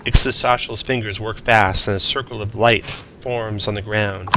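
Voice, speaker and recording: A man's voice: fairly low pitch, steady tone, normal speed, few pauses, bright, forceful tone, slight background noise. A man narrating as game master of a tabletop role-playing game, mixing descriptive narration with casual asides.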